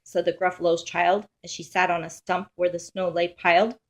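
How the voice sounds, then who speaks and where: A woman reading a children's picture book aloud in a lively, sing-song rhyming way. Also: fairly low pitch, a little fast, few pauses. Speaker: storybook reader.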